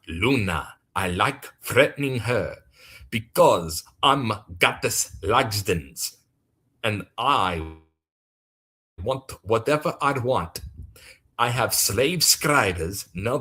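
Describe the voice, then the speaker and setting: A man voicing a menacing self-styled goddess who bullies followers, in a slow, low, threatening way. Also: expressive, bright, forceful tone, slightly rough, heavily acted.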